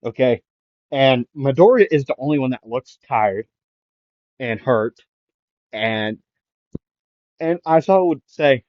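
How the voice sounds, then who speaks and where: A man's voice: mid-range voice, lively intonation, slow pace, long pauses, no echo, highs cut off. A man improvising a fan fiction story in a rambling way, full of fillers.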